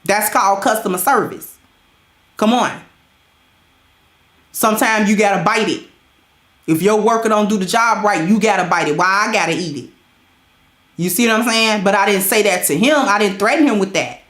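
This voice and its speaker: A woman's voice: mid-range voice, moderate pace, pauses often, fairly bright tone. A woman talks straight to her viewers in a casual, emphatic way, preaching her points. Her voice sits in a middle range. The room around her is roomy and echoey. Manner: conversational, emphatic, preachy when making points. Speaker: host. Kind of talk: casual storytelling talk to a live chat.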